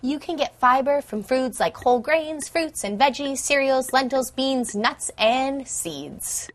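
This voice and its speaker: A woman's voice: high-pitched, animated, unhurried. A woman presenting a scripted educational lesson in an upbeat, emphatic way.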